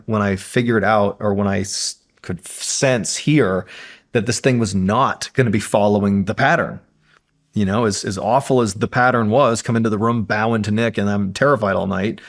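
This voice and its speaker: A man's voice: lowish voice, gravelly. A man, a podcast guest, telling a suspenseful true story in casual conversation, building tension and often saying "like".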